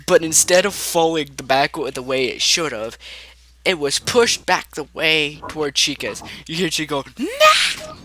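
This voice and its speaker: A man running a role-play game as narrator, playful and quick to put on silly voices. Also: on the high side, noisy background. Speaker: game master.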